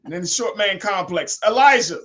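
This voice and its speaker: A man hosting a casual news commentary show, animated and emphatic as he reads quotes aloud. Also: high voice, brisk, a little hiss or hum. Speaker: talk show host.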